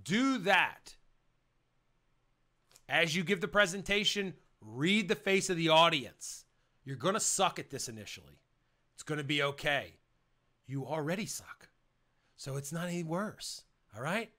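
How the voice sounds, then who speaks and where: Energetic man with a bright voice. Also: on the high side, unhurried, long pauses. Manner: energetic, rambling, varies pace for emphasis. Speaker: project management instructor. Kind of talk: casual motivational lesson.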